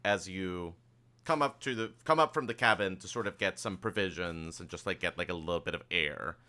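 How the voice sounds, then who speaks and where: Deep-voiced male game master, crisp and bright. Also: fairly quick. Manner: relaxed, hesitant narration with fillers. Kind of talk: narrating a tabletop game.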